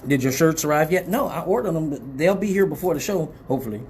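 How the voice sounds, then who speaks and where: A man's voice: fairly high pitch, expressive, fast talker, a little mellow, slight background noise. A man hosting a casual live show, rambling loosely and swearing freely after a few drinks. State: tipsy from drinking. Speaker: host.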